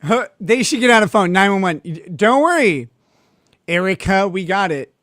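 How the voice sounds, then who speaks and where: A man's voice: sits high, very animated, normal speed, fairly bright tone. A man hosting live legal commentary, mocking the footage he reacts to and laughing often.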